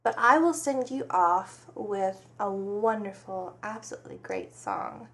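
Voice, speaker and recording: Slow-talking, chatty woman radio host. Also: medium pitch, big pitch swings, gravelly, a bit bright. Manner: chatty, laughs often, talks to her animals. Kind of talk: casual radio chat. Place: farm home studio with dogs nearby.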